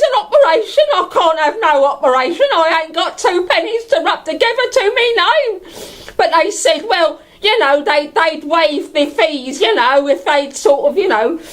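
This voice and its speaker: This comedy monologue features a woman voicing a cheeky, chatty homeless bag lady from London, told as character stand-up. She speaks very high and sing-song, giggling through her lines in a bawdy, gossipy ramble packed with fillers.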